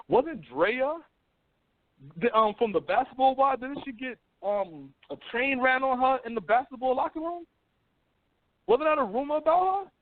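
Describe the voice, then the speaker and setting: Radio host, male, higher voice, heated profane banter, dry tinny phone-line sound. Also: moderate pace, no echo. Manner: animated, profane, swings between mocking voices. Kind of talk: casual call-in radio talk.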